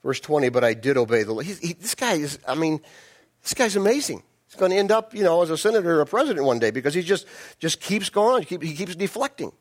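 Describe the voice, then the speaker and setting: A man's voice: sits high, big pitch swings, fast. A male pastor preaching in a conversational way, with frequent restarts and asides to the congregation. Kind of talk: sermon.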